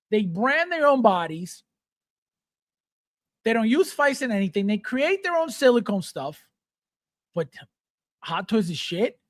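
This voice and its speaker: A man's voice: high voice, a bit bright, dry recording. Host, man, middle-aged; sarcastic, profane rant, dry room sound. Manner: blunt, mocking, swears freely, mimics fans. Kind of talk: ranting live-stream chat.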